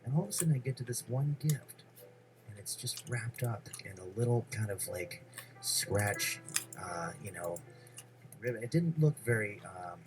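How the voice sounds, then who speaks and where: A low-pitched man from New York tells a long story, stopping often with fillers and drifting between details. Music plays clearly behind him. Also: lively intonation. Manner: rambling, halting with many fillers. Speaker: comedian guest. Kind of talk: storytelling anecdote.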